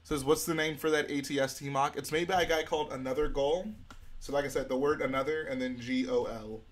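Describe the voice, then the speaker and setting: A young man hosting a casual live stream, reading out viewer comments and answering them in a relaxed way while he builds. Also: medium pitch, brisk. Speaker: livestream host.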